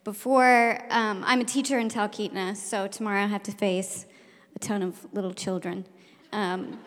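A woman, a teacher, telling a personal story live on stage, animated and laughing, acting out the shouted lines. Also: medium pitch. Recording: long hall reverb.

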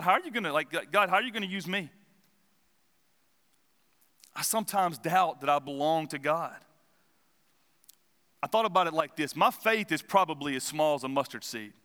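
Bright, chatty man preaching in a hall. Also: a little high. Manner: chatty, self-deprecating, humorous asides. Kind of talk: casual sermon with storytelling. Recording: reverberant hall.

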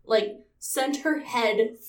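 Slow-talking young woman podcaster, roomy sound. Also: on the high side, distant mic. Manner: giggly, swears casually. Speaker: podcast co-host. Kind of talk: casual podcast chat.

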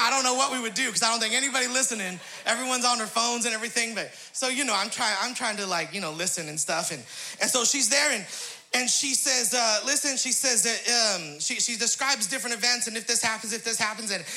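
A man preaching a comic sermon, his voice strikingly bright and cutting. He laughs through his own story and scatters short bursts of praise between lines. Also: very high voice, quick pace. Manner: laughing often, peppers story with praise interjections. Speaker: pastor.

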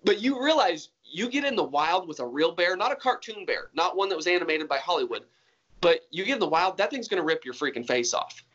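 A man's voice: high-pitched, very animated, fairly quick, a bit bright, lo-fi sound. A man being interviewed about hunting, talking in an earnest, rambling way with many restarts. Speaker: hunter guest. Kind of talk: casual interview talk.

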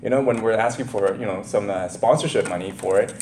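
A man preaching an informal sermon as a pastor, talking haltingly with many fillers and restarts and laughing at himself. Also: on the low side, a little mellow, slight background noise. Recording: echoey room sound.

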